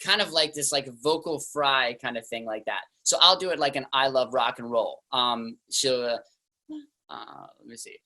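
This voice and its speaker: A young man talks as a guest in a relaxed interview. His voice is bright and forward, pitched in an ordinary male middle range. His delivery is loose and chatty, full of "like" fillers. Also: normal speed, rough recording. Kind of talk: casual interview talk.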